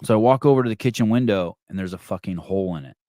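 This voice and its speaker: A middle-aged man hosting a podcast, telling a story in casual, profane, animated talk. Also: lowish voice, fast talker, no echo, clean studio sound. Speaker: podcast host. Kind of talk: casual storytelling and reading comments.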